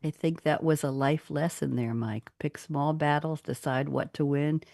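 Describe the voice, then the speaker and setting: A woman hosting a business talk radio show, animated and expressive as she reads out quotes. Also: low-pitched, normal speed, vocal fry, no echo. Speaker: host.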